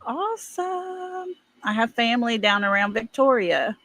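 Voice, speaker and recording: A middle-aged livestream host with an East Texas accent chats casually and folksily while reading viewer comments, laughing often. Her fairly high, fairly bright voice has big pitch swings and a measured pace, recorded dry.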